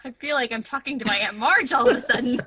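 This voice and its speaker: A woman's voice: high voice, sharp tone, low-quality recording. A woman playing in a tabletop game, blunt and casual, swearing freely. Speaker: player.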